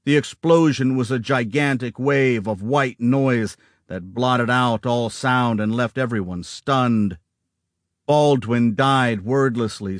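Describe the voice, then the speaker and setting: A man narrating an audiobook in a steady, dramatic storytelling manner, close to the microphone. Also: mid-range voice, dry recording.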